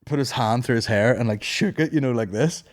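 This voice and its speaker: Speaking briskly in a mid-range voice, this man hosts a podcast full of casual, sweary banter and comic storytelling, laughing frequently along the way.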